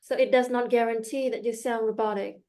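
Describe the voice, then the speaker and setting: A woman's voice: fairly high pitch, steady tone, a little fast, a little mellow. A woman student practicing pronunciation, repeating words back and asking questions.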